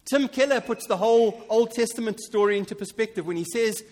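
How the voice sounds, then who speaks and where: A man with a high-pitched voice preaches a sermon in a large hall whose reverb trails after every phrase. He talks with animation, swelling into emphatic peaks and then dropping into soft, conversational asides. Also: brisk, hardly any pauses.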